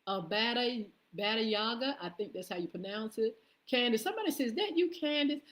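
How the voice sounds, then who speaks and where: A woman's voice: a little high, expressive, fairly quick, a bit bright. A woman hosting a live morning show stream, casually greeting viewers by name with lots of "uh" fillers and an upbeat, friendly manner.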